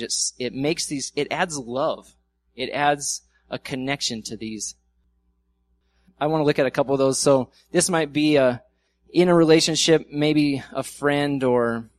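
A man preaching a sermon in a church in a conversational way, acting out quoted arguments with humor. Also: mid-range voice. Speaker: pastor.

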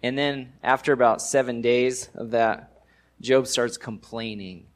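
A man's voice: mid-range voice, fairly even intonation, unhurried. A man preaching a sermon in a casual, conversational way, using everyday slang and rising with emphasis on key points. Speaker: pastor.

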